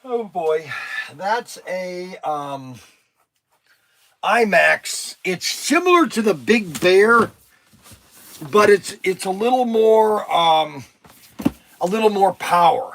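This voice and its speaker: A man hosting a toy shop live stream, an excitable pitchman who rambles and breaks into shouts, his voice strained from days of nonstop talking. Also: slow, long pauses, slight background noise. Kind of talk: casual live-stream sales talk. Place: inside a toy shop among shelves.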